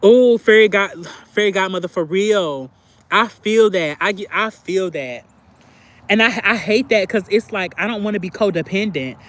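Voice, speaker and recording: With a medium-pitched, slightly bright voice at a moderate pace, a woman runs a livestream and reacts to her viewers. Her casual chat is candid and confessional, packed with filler words.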